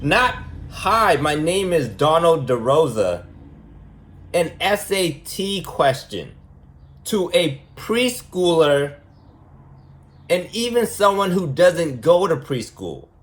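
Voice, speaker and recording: A man's voice: fairly high pitch, sing-song, slow, a bit bright. A man talking as a preschool teacher in a rambling, mocking monologue, repeating his points for emphasis. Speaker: preschool teacher giving a lesson.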